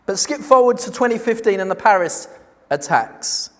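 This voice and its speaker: A man preaching a sermon, emphatic, posing rhetorical questions and slowing down on key words. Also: sits high, animated. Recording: long reverb of a large hall.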